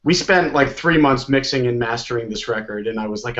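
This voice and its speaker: A young man from Connecticut talks casually as a guest, rambling and restarting his sentences. His pitch is middle of the road. The recording sounds dull and lo-fi. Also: fairly quick, a bit bright. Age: young adult. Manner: rambling, stumbles and restarts often. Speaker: band member and guest. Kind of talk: casual chat.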